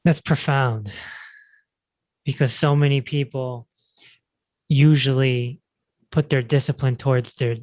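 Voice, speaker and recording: A man hosting a podcast, talking in a relaxed, reflective way and chatting casually with his guest. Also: mid-range voice, slow pace, long pauses, dry recording. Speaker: podcast host.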